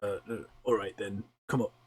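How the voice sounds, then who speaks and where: A man's voice: fairly low pitch, steady tone, normal speed, slightly rough. A man doing a stammering, jittery lodger. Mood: nervous. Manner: stammering, hesitant. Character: jittery, frightened male tavern lodger.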